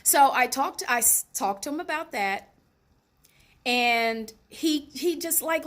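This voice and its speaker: A woman speaking as host of her own show, relaxed and conversational as she tells a personal story. Her delivery is animated and chatty, and she talks straight to her viewers. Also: sits high, slow pace. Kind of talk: casual personal storytelling monologue.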